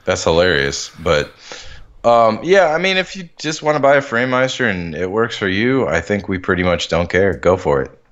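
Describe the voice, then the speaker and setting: A man with a very deep voice co-hosting a casual podcast, relaxed and agreeable. His audio sounds dull and lo-fi. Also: moderate pace. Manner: relaxed, agreeable, chimes in with short backchannels. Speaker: podcast co-host.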